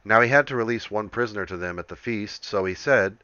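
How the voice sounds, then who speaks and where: Male scripture reader, solemn and measured, lowish bright voice, dry, slightly dull recording. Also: clean tone, dry recording.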